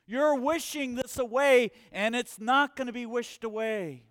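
A man preaching a sermon, animated, acting out quotes and asking questions. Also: very high voice, measured pace, smooth, no echo, clean studio sound.

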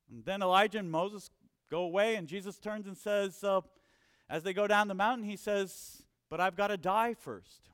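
A man preaching a sermon, animated, acting out quotes and asking questions. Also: high voice, a little slow, clean tone, dry recording, studio quality.

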